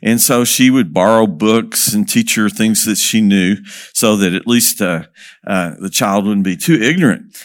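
A man working as a missionary speaker tells a story to an audience, lively, asking questions and chuckling as he goes. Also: fairly low pitch, unhurried.

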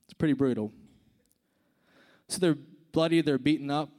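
Guy preaching to a youth crowd, kinda high voice, chatty, goes quiet then fired up. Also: normal speed. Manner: conversational, swings from hushed to emphatic. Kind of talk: sermon.

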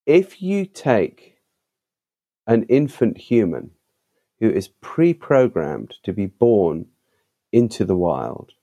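A man who is a podcast guest and author, telling stories in an animated, emphatic conversational way. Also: on the low side, slow, long pauses, lo-fi sound. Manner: animated, emphatic, with vivid asides. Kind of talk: conversational storytelling.

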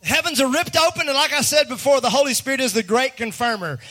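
A high-voiced man preaching. His delivery is animated, dropping to near-hushed asides before climbing to shouted lines. The tone is bright and ringing. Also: quick pace. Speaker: pastor. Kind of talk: sermon.

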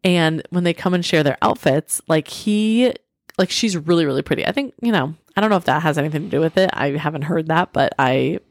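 A woman's voice: deep voice, expressive, brisk, no echo, studio quality. A woman in her thirties co-hosting a podcast, chatting casually and rambling with lots of filler words. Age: 30s. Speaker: podcast co-host. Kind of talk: casual chat.

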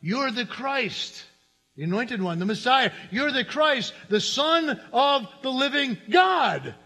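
A man's voice: high-pitched, lively intonation, a little slow, sharp tone, full character voice. A man voicing an eager male apostle who boldly declares the answer, in an echoey hall. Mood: triumphant. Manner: bold, emphatic declaration.

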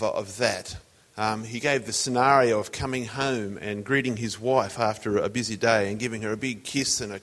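A man's voice: mid-range voice, a bit bright. A man preaching a sermon in a conversational, storytelling way. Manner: conversational, tells jokes as illustrations. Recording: long hall reverb.

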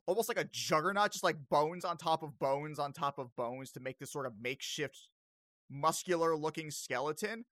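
Rambling game master, bright dry voice. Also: medium pitch, moderate pace, dry recording. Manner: rambling, many fillers. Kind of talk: narrating a tabletop game.

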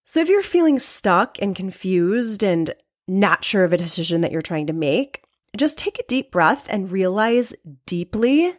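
A woman's voice: mid-range voice, very animated, normal speed. A woman hosting her own podcast, talking earnestly in a conversational way, often repeating key lines for emphasis and adding "right?" asides. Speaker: podcast host. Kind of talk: solo podcast talk on decisions.

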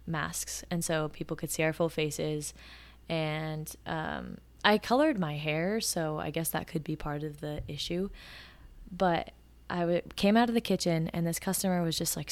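A woman's voice: low-pitched, vocal fry. Young woman telling work stories. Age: 20s. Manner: animated, acts out quotes. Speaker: podcast host. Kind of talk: casual storytelling.

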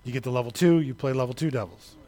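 A man preaching a sermon, talking straight to the congregation, building to shouted peaks and then dropping low and quiet. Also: quick pace. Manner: conversational, addresses the congregation directly.

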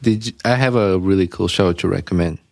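A man with a lowish voice co-hosting a casual podcast, chuckling as he retells funny scenes and dropping easy swear words. The sound is dry and close, with no room around it. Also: fairly quick, creaky, dry recording. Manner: laughs often while retelling funny scenes. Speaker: podcast co-host. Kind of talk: casual chat.

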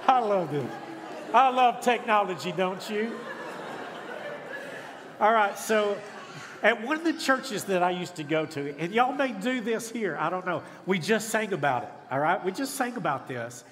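A middle-aged man gives a sermon as a guest preacher in a church sanctuary, using folksy, self-deprecating stories and humor. His voice is high, animated and a bit bright, his pace a little slow, with a faint hiss or hum. Long church reverb fills the recording, and the congregation can be heard responding.

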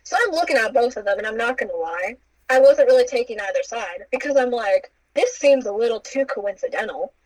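A woman's voice: fairly high pitch, a little fast, dry recording, low-quality recording. A young woman casually recounting a story, acting out the quoted lines with playful asides. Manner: animated, acts out quotes with playful asides and laughs.

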